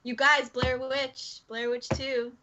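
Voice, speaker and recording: A woman's voice: high-pitched, little pitch movement, slow, dull audio, noisy background. A woman chatting casually on a podcast, offhand and hedging her opinions. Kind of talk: casual chat.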